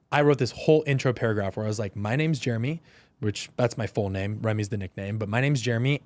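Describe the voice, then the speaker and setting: A man in his thirties from Oregon, a podcast guest telling animated stories in casual chat. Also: mid-range voice, no echo. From Oregon, USA. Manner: animated storyteller, quick and chatty.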